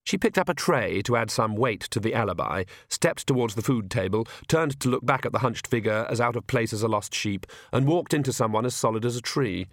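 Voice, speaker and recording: A man reading a story aloud in even, wry narration. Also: medium pitch, brisk, few pauses, no echo. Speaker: audiobook narrator. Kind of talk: scripted narration.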